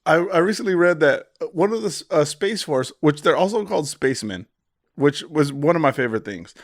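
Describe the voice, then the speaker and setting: A young man co-hosting a podcast, joking in quick casual banter. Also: on the high side, lively intonation, dry recording, clean studio sound. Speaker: podcast co-host. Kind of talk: casual chat.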